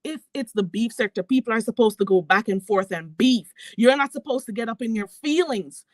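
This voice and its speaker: A woman's voice: on the high side, lively intonation, brisk, no room sound. A woman hosting a commentary channel, ranting in a heated, mocking and profane way. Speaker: YouTube commentary host.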